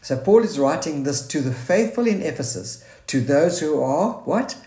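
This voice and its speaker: A man's voice: fairly high pitch, animated, normal speed, warm tone. A man preaching a sermon in an earnest, searching way, quoting scripture and restarting his thoughts. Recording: roomy echo.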